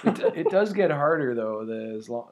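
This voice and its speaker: A man's voice: medium pitch, lively intonation, moderate pace. A man co-hosting a comedy podcast, chatting casually and reading out follow-up news with frequent chuckles. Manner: rambling, chuckly, reads out news items. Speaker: podcast co-host.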